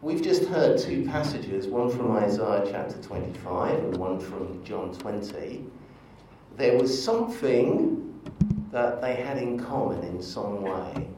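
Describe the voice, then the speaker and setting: A man preaching a sermon in a church, relaxed and conversational, leading into stories with asides to the congregation. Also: on the low side, takes it slowly, noisy background. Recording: echoey church from far off.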